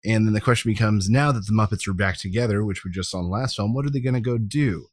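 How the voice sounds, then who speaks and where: A man with a lowish voice talks through a film plot in an easy, unhurried podcast chat, leaning on "uh" and "um" as he goes. The sound is dry and close, with no room around it. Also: no echo. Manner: relaxed plot summarizer, drawn-out fillers. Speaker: podcast co-host. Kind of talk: casual chat, recapping a film.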